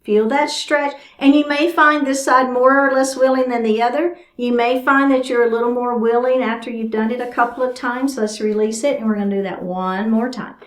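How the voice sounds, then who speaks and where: A woman's voice: a little high, steady tone, normal speed, hardly any pauses. A woman teaching a chair yoga class, giving chatty, encouraging cues while doing the stretches herself. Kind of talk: guided exercise class instruction. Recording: roomy echo.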